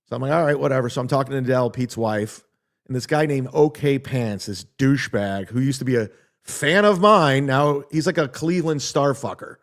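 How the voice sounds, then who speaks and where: A man's voice: medium pitch, fairly quick. A middle-aged man, a comedian hosting his own show, telling a story in a blunt, profane, aggrieved casual rant.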